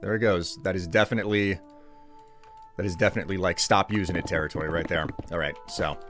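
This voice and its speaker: A man streaming himself gaming, chatting in a relaxed, rambling way that often corrects itself. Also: low voice, quick pace, over music. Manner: rambling, self-correcting, chuckling. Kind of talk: laid-back live-stream chat while gaming.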